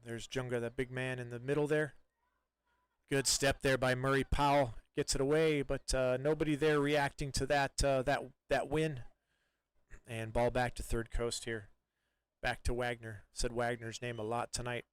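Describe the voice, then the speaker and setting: A man doing live play-by-play soccer commentary in a relaxed, chatty way, with many fillers and restarts. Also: mid-range voice, normal speed, clean tone, no room sound.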